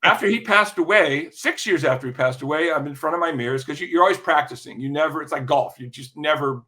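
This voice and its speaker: An older man settles into a long story as a podcast guest, his voice sitting slightly high and carrying a crisp, forceful brightness. He circles back, repeats words as he restarts his sentences, and pauses to clear his throat as the tale unfolds. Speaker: podcast guest, music industry veteran. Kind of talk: casual interview storytelling.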